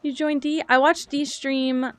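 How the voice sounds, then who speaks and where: A woman's voice: high voice, flat delivery, a little slow, faint music behind. Chatty young woman streaming a game. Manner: chatty, rambling, thinks aloud, reads chat. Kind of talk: casual gaming stream chat.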